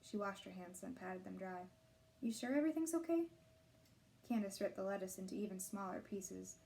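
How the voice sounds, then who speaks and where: Mellow-voiced woman reading a novel aloud. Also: medium pitch, completely flat delivery, a little fast, creaky. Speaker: reader of a novel.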